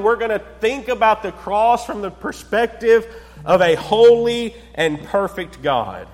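A man delivers a sermon in a voice pitched well above most men's, and the room carries a long, ringing reverb. He pauses for effect and sinks to a near-hush on his key points. He keeps asking the congregation rhetorical questions. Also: lively intonation. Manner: preaching with dramatic pauses, dropping to a low hush on key words. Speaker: pastor.

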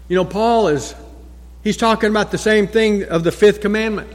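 A male pastor delivers a sermon in a fairly high voice. He stresses his points, repeats short phrases and leaves dramatic pauses. A long reverb trails each word through the church. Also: fairly even intonation.

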